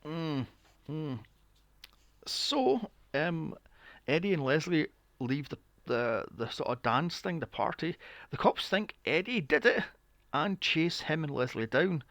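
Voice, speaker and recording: A man's voice: on the high side, big pitch swings, takes it slowly, a bit bright, dry recording. Sarcastic man recapping a film. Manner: sarcastic, swears freely, mocking asides. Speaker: podcast co-host. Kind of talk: casual movie recap chat.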